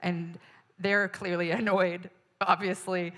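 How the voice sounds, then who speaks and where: Woman stand-up comic with a lowish voice, animated storyteller, exasperated, acts out the people she talks about. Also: slow pace. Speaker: stand-up comedian. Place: stage in front of an audience.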